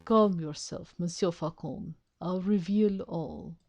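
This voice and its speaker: A woman voicing a smooth, mysterious male fox con man who speaks in a suave, evasive, theatrical way. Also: on the low side, takes it slowly, darkish tone, soft background music, exaggerated voice.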